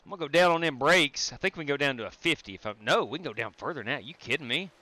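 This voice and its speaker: Bright-voiced male sim racing streamer. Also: on the high side, lively intonation, racing, dry recording. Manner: chatty, greets chat viewers while driving; frequent fillers and restarts. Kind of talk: casual live-stream commentary.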